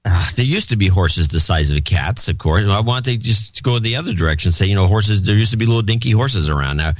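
A man's voice: fairly low pitch, animated, brisk, no echo. A man co-hosting a podcast, chatting casually with dry sarcasm. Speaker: podcast co-host. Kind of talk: casual chat.

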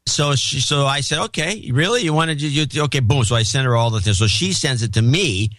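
A man's voice: medium pitch, expressive, brisk, a bit bright, no echo. A man co-hosting a podcast in casual chat, rambling and cutting himself off as he reads out listener notes. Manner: rambling, self-interrupting. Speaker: podcast co-host.

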